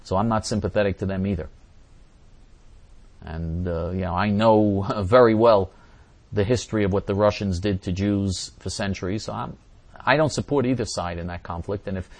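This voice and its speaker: Low-voiced man with halting, emphatic delivery. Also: a little mellow. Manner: halting, repeats words and restarts often; emphatic, heated condemnations. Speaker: host answering viewer questions. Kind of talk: casual reading and answering forum questions.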